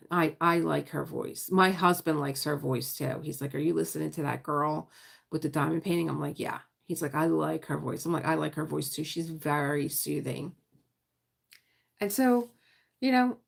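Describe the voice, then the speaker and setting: Her voice sits low and creaky as she, a middle-aged woman, rambles through a casual diamond painting livestream. She's chatty and often trails off while groping for words.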